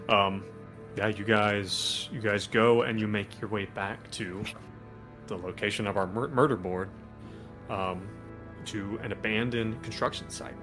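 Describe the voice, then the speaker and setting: A man's voice: lowish voice, fairly bright tone. A man running a tabletop game as game master, narrating casually with many fillers.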